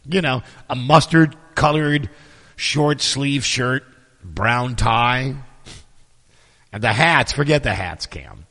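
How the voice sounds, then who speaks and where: A middle-aged man hosting his podcast, telling stories in a sarcastic, profane, animated casual monologue. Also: mid-range voice, slow, big-room sound. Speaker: podcast host.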